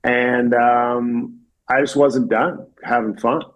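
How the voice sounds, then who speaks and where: A man's voice: mid-range voice, steady tone, slow. A man guest on a podcast, chatting casually about his trade in a laid-back way and acting out his clients. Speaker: podcast guest, plaster contractor. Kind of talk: casual conversation.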